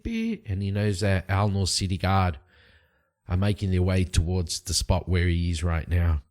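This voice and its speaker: A man's voice: deep voice, expressive, normal speed, darkish tone. A man narrating a solo tabletop game in a casual, rambling way, with frequent fillers.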